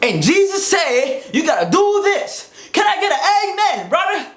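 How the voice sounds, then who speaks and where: A man voicing a loud, fired-up male preacher calling out to his congregation. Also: very high voice, big pitch swings, moderate pace, reverberant, pitched above the performer's own voice, full character voice. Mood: rousing. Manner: shouting, rousing call-and-response.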